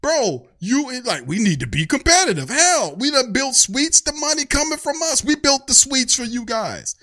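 A man's voice: very high voice, big pitch swings, normal speed, sharp tone. A man hosting a fan show, ranting in an angry, profane way. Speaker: sports fan show host. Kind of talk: heated fan rant.

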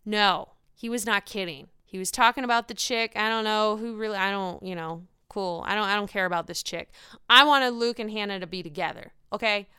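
Gossipy woman ranting about reality tv, super clear bright voice, swears a lot, dry room. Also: mid-range voice, no room sound. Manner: animated, profane, gossipy, fast-shifting emphasis. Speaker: reality TV recap host. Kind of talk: casual solo commentary.

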